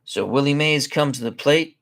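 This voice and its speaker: A man's voice: fairly high pitch, vocal fry, fairly bright tone. A man hosting a tabletop baseball game, giving chatty play-by-play commentary and correcting himself as he goes. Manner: chatty, unhurried, self-correcting.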